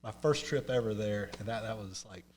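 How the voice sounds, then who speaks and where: A man's voice: on the low side, fairly quick, darkish tone, slight background noise. A man from North Carolina with a Southern American accent, a podcast guest who tells a rambling, self-mocking story with many restarts. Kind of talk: casual storytelling.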